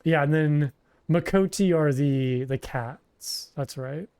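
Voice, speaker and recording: With a fairly high, darkish voice that's clear and resonant, a man takes his time while streaming a role-playing game. He rambles casually with many fillers and restarts, reading dialogue aloud as he plays.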